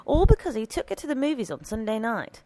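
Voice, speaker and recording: A woman's voice: on the high side, sing-song, fast talker, dark tone, no room sound, voice pushed up. A woman reading aloud and voicing a dry, curt male priest of fifty-nine.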